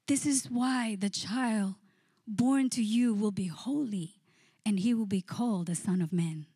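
Woman preacher, earnest, mid-pitched, repeats and slows for emphasis; dry, close recording. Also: dark tone, husky, no echo. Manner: earnest, repeats phrases, slows to stress key lines. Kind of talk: sermon with prayer and scripture reading. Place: church.

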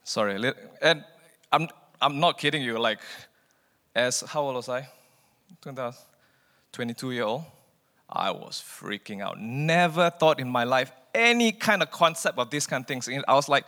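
A man telling his personal faith testimony in an animated way, acting out the dialogue in his story. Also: medium pitch, normal speed, big-room sound. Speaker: speaker sharing testimony.

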